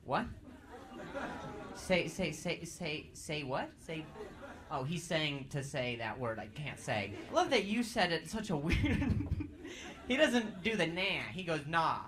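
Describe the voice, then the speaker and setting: Stand-up comic, male, stammering and animated, slow-paced delivery over a loud crowd. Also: fairly high pitch. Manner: stammering, playful teasing of audience members. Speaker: stand-up comedian. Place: comedy club stage. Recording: live club with loud crowd and noise.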